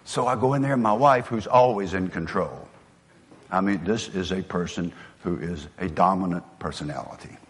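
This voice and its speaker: A man's voice: sits low, normal speed, husky. An older man, a former football coach, giving an earnest motivational speech full of personal stories. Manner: earnest, storytelling, drops soft for emotional moments. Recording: long hall reverb.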